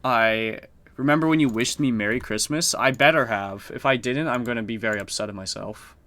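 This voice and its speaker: A man's voice: medium pitch, brisk, bright, forceful tone. A man streaming a strategy board game, chatting casually and swearing now and then. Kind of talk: casual live-stream commentary.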